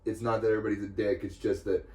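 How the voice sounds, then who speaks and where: A man with a somewhat low voice talks in an easygoing, reflective way during a casual podcast chat. He sits back from the mic, and the room's echo surrounds him. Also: little pitch movement, very fast, a little mellow. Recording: echoey room, mic at a distance.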